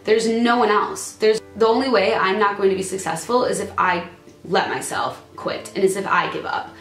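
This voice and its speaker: A woman's voice: medium pitch, normal speed, fairly bright tone, soft background music. Teary young woman in an echoey room. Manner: earnest, fighting back tears. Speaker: YouTuber. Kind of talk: emotional personal vlog. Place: room at a computer or camera.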